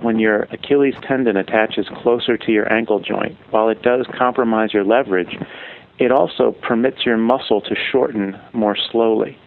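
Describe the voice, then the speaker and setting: A man's voice: fairly low pitch, steady tone, moderate pace, gravelly, a little hiss or hum. A man researcher explaining a finding in an interview clip. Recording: tinny phone line.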